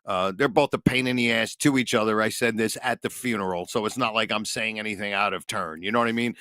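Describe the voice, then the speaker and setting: A man's voice: lowish voice, quick pace, sharp tone, dry recording, clean studio sound. A middle-aged man, a podcast co-host, telling a long, rambling family story with lots of swearing. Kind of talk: casual storytelling.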